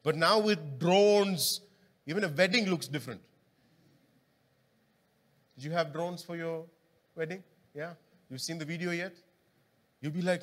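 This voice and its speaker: A man with a somewhat high voice preaches in a church hall at a moderate pace, pausing often as he speaks casually and quizzes the congregation with questions. The recording has long hall reverb.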